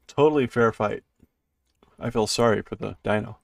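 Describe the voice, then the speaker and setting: A streamer whose first language is English reads manga aloud casually, translating as he goes and mimicking its sound effects with playful noises. His voice is fairly low, with vocal fry and a moderate pace, and the studio sound is clean with no echo.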